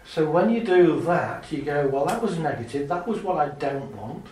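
A man's voice: a little high, moderate pace, distant mic, a little hiss or hum. Chatty man in an echoey hall. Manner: lively, chatty, laughs often, acts out little scenes. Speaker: speaker giving a talk. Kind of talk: live talk to an audience. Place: large hall with an audience. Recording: very echoey hall, speaker off mic.

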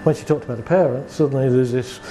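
A man's voice: medium pitch, fast talker, mellow, a little hiss or hum. A man, a therapist talking casually about his work, telling client stories and acting out both sides of the dialogue with rhetorical questions. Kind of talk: conversational talk with client anecdotes.

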